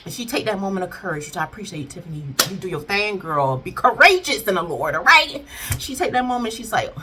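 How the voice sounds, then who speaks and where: A woman's voice: mid-range voice, fast talker, a crowd in the background. A woman chatting casually through a recap of a TV episode, playfully acting out what she would say to the characters. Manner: animated, playfully voices the characters in asides. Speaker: TV series reviewer.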